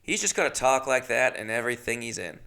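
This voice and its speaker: A man's voice: medium pitch, animated, fast talker, bright, forceful tone. A man hosting a solo podcast, rambling casually with chatty, self-mocking asides. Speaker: podcast host.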